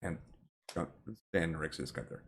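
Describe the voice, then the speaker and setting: A man's voice: very deep voice, unhurried. A man narrating as game master in a tabletop game, with a loose, hedging style full of "kinda".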